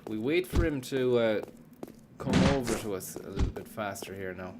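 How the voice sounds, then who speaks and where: This young streamer, tired and yawning, narrates his game live while swearing freely and calling out viewers by name to thank them. He has a fairly low, expressive voice at normal speed, and the recording is very noisy.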